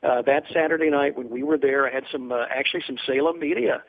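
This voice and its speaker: A man's voice: mid-range voice, fast talker, gravelly. A man, a ministry guest on a radio talk show, telling an earnest story with many fillers over a phone line.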